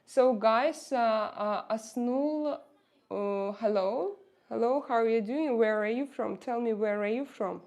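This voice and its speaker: This is a woman in her thirties with a Russian accent, chatting casually on a livestream from home. Her voice sits a little high, and she hesitates often with fillers and restarts while greeting viewers by name. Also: measured pace, a little mellow. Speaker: livestream host.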